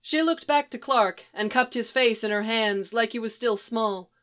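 A woman narrating a story in an even, unhurried read-aloud. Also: fairly high pitch, smooth.

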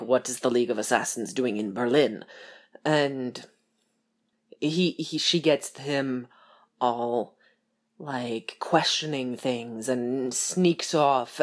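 A young woman chatting casually about a TV show, rambling and laughing as she acts out lines in little voices. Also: rumbling low.

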